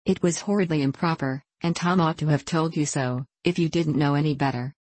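Bored snooty city girl, drawly, low husky voice, woman doing her. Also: a little fast, a little mellow, no room sound. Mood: scornful. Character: languid, fashionable city girl.

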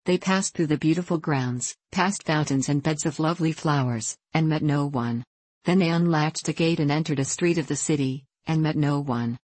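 A woman reading a storybook aloud in calm, measured audiobook narration. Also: sits low, no room sound. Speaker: reader.

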